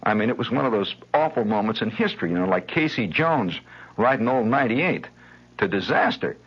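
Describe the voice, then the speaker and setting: A man telling a rambling, wry childhood story as a radio monologue, animated and chuckling, on a lo-fi 1970s broadcast. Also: fairly low pitch, fairly quick, breathy edge.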